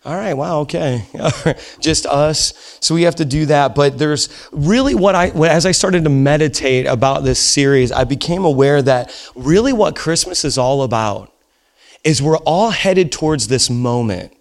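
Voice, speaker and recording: Animated man preaching a lively sermon. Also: fairly high pitch, unhurried. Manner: animated storytelling with laughs and acted-out quotes. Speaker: pastor. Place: church service with a live audience.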